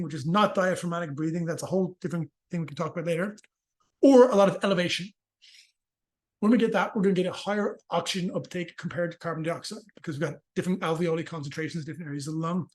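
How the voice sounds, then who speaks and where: A man explaining breathing physiology in a casual interview, fast and joking, with frequent swearing. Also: high-pitched. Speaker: movement and rehabilitation practitioner, guest.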